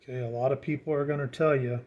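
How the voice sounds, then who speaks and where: A man's voice: medium pitch, steady tone, fast, a little mellow. A man giving a casual how-to tutorial on setting up a radio. He rambles, repeats words and leans on fillers as he talks through the steps at home. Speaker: radio hobbyist explaining setup.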